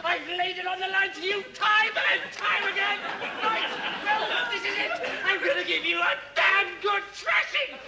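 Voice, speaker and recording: An actor playing a furious hotel owner who shouts threats at his broken-down car, in a sitcom clip. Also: very high voice, moderate pace, hardly any pauses, a crowd in the background. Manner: shouting, exasperated, sputtering threats. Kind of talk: sitcom acting. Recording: roomy clip with loud audience laughter and noise.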